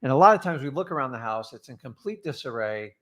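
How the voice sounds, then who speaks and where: A middle-aged man, a real estate investor co-hosting the show, gives earnest advice directly to viewers in a casual coaching tone, calling them "guys." His ordinary medium-pitched voice is fairly bright, with lively intonation, and he talks fast.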